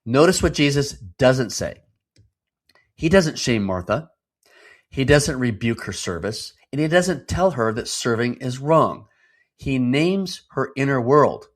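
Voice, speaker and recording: A man's voice: mid-range voice, animated, takes it slowly. A man in his fifties hosting a devotional podcast, teaching in an earnest, emphatic way and putting rhetorical questions to the listener. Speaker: podcast host.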